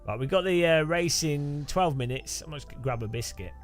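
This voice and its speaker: Streamer, man, lively sing-song delivery, dry jokes, faint music underneath. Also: a little high, normal speed. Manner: rambling, dry joking asides. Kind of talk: casual live-stream chat.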